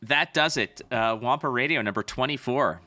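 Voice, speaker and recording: Bright-voiced chatty podcast host. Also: male voice, medium pitch, moderate pace, dry recording. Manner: chatty and joking, winding down the episode. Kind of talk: casual podcast chat.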